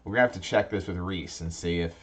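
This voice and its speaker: A man's voice: sits low, steady tone, fast talker. A man hosting a casual tabletop gaming podcast, rambling and restarting his sentences as he talks. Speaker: podcast host. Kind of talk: casual chat about tabletop games.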